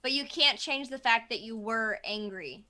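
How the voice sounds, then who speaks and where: A woman therapist in a casual discussion, thinking aloud in an animated way. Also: on the high side, normal speed, a crowd in the background.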